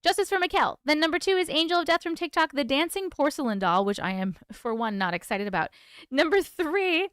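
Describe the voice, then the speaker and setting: A woman's voice: sits high, animated, a little fast, fairly bright tone, no room sound, studio quality. A woman hosting a casual livestream, chatting with viewers, laughing often and stumbling over hard words. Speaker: livestream host reading viewer stories.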